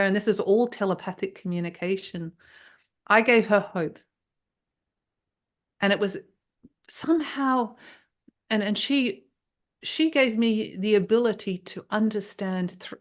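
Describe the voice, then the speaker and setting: A woman guest recounting a deeply personal experience in an interview. She speaks with feeling and often breaks off and restarts her sentences. Her pitch sits in an ordinary middle range for a woman. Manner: emotional and breathless, with frequent restarts.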